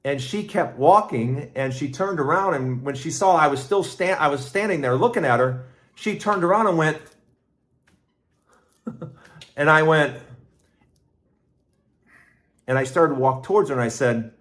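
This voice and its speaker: A middle-aged man hosting his own podcast, telling a personal story in a rambling, casual way with restarts and lively asides. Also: fairly high pitch, normal speed. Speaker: podcast host.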